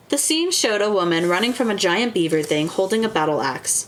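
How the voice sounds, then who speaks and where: A woman's voice: medium pitch, very animated, brisk, few pauses. A woman streamer who reads a book aloud and chats casually, full of fillers. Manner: chatty, filler-heavy between reading. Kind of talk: audiobook-style reading and casual chat.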